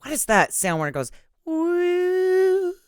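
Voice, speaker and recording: Chatty woman with a smooth, lively voice. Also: low voice, normal speed, no echo, studio quality. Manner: chatty, candid, casually profane. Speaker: podcast co-host. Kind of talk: casual comedic movie chat.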